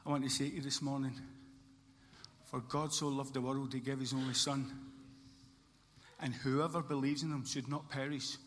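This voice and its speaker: A man's voice: mid-range voice, flat delivery, normal speed, pauses often, a bit bright, a little hiss or hum. A man preaching a sermon as pastor, earnest, with a repeating emphatic cadence. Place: church hall. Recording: church hall reverb, faint ambience.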